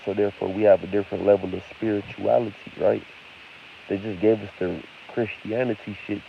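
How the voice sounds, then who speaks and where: A man's voice: low-pitched, vocal fry. A man ranting unscripted to his viewers, profane, rambling and combative. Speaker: vlogger. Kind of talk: unscripted rant to camera. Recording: hissy lo-fi home recording.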